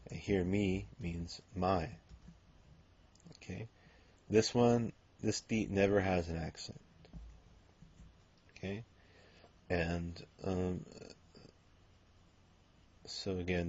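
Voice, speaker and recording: A man's voice: low voice, darkish tone, muffled recording. A man teaching a recorded language grammar lesson, explaining step by step with frequent ums and okays. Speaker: Spanish teacher.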